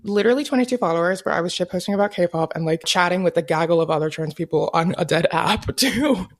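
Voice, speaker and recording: A young woman telling stories as an interview guest in casual chat, animated, laughing often and swearing freely. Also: on the low side, fast. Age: young adult.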